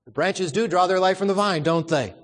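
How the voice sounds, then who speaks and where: A man's voice: high voice, a little fast, long reverb tail. A man preaching a sermon, emphatic, repeating words and asking the congregation questions.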